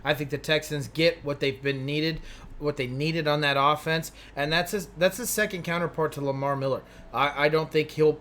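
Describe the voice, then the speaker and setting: A man's voice: fairly high pitch, steady tone, normal speed, fairly bright tone, slight background noise. A man co-hosting a sports talk show, reading out viewer comments and chatting casually. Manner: reads comments, chatty and agreeable.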